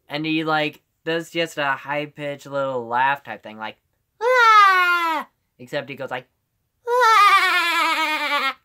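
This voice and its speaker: A man's voice: on the high side, sharp tone, clean tone. A male streamer chatting casually on a live stream, rambling and giggling, with lots of "like".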